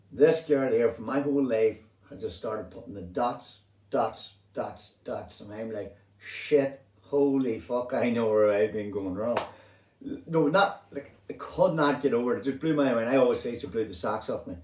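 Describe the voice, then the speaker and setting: A middle-aged man with a Northern Irish accent telling a personal story in a rambling, animated way, swearing freely. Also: medium pitch. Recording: roomy sound, distant from mic.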